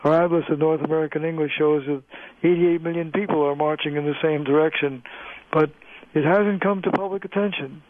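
A man's voice: on the high side, fairly even intonation, brisk, no echo. A man who is a linguistics professor, patiently explaining as a guest on a radio interview. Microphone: phone line. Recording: tinny phone line, dry.

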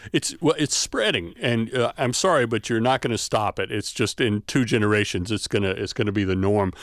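A man, a linguistics professor who is a guest on a radio talk show, explaining speech patterns, often pausing with "uh". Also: fairly low pitch, no echo, clean studio sound. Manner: explanatory, many filler "uh"s.

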